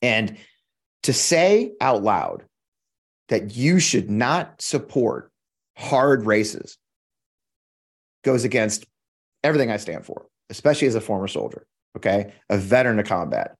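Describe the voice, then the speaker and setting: A man's voice: on the low side, very animated, measured pace, pauses often, breathy edge. A middle-aged American man hosting a podcast, delivering heated, profane political commentary with emphatic repetition. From United States. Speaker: podcast host.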